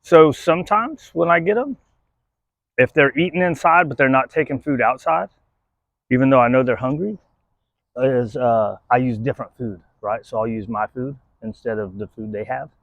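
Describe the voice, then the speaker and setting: A man's voice: medium pitch, moderate pace, fairly bright tone, no echo. A man teaching dog training, explaining his method and checking in with a repeated "right?", then cheering a dog on as he works with it. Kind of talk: hands-on training demonstration.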